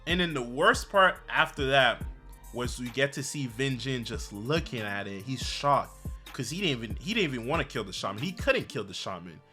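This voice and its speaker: A man with a bright, ringing voice talks through a comic chapter in a loose, slangy way. He tells the story with animated energy. Soft music plays faintly underneath. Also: mid-range voice, normal speed. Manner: animated, slangy storytelling, frequent "bro" and "basically". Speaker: manhwa recap YouTuber. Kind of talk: casual chapter recap.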